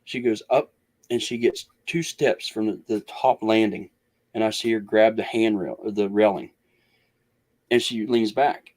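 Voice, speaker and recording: Low-voiced man telling a long story. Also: darkish tone. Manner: rambling, restarts, acts out others' words. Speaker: guest researcher. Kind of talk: storytelling in a casual interview.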